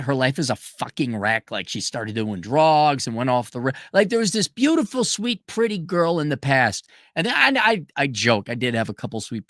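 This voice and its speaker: A man's voice: mid-range voice, a bit bright, dry recording, clean studio sound. A middle-aged man ranting in a sarcastic, rambling, profane monologue as a podcast host.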